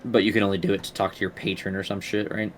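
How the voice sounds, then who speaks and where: A man's voice: deep voice, level tone, fast talker, slight background noise. A man running a tabletop game as game master, talking casually with profane asides.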